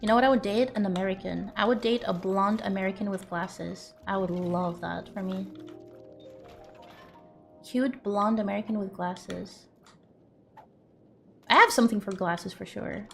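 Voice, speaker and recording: A woman's voice: medium pitch, fairly even intonation, moderate pace, creaky, long pauses, faint music behind. A young woman from Greece, a streamer chatting casually with her viewers in a rambling, teasing way. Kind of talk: casual chat.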